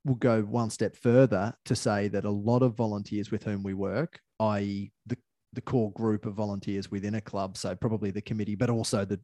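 A man's voice: fairly low pitch, mellow, no room sound, clean studio sound. A man, co-hosting a podcast, talking things through in a thoughtful, opinionated way. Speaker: podcast co-host. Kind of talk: casual chat.

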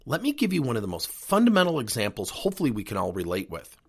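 Gravelly, animated male coaching podcaster. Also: medium pitch, quick pace. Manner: animated, earnest coaching delivery. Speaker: podcast host and leadership coach. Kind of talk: solo podcast talk.

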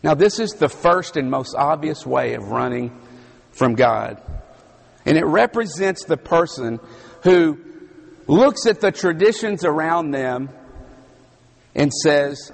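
Southern preacher guy, slow and gravelly, husky strained voice, big echoey hall. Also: a little high, expressive. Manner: slow, emphatic preaching with dramatic pauses. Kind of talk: sermon. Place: large hall with audience. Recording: long hall reverb.

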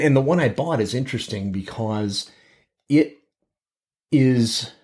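Male Bible teacher, lower register, informal sermon delivery. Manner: conversational, frequent "okay?" check-ins and self-restarts. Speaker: preacher. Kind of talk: podcast teaching.

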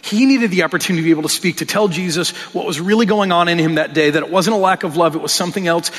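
A man's voice: sits high, racing, few pauses, a bit bright. A male pastor preaching a sermon in an earnest, conversational way, often restarting his phrases. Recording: long reverb of a large hall.

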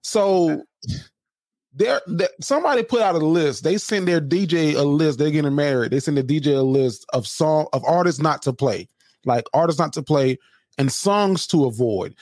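A man's voice: on the high side, expressive, moderate pace, a little mellow, no echo, clean studio sound. A man co-hosting a comedy podcast, chatting loosely and retelling stories with quoted lines. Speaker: podcast co-host. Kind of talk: casual comedic chat.

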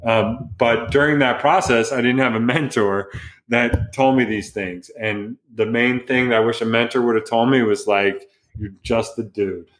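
A man's voice: mid-range voice, steady tone, normal speed, fairly bright tone. A middle-aged man, a photographer and entrepreneur, telling rambling, profane, self-mocking stories as a guest in a casual interview. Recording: echoey room.

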